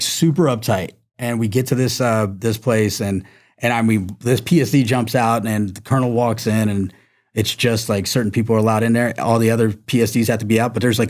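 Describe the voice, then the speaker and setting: A man with a somewhat low voice tells a story in easy, casual talk. He rambles and stacks up fillers, getting animated as he goes. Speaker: podcast guest, army veteran.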